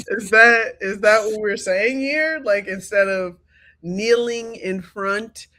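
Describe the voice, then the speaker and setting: Unhurried female podcast co-host. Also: mid-range voice, sharp tone, a little hiss or hum. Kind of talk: casual podcast chat.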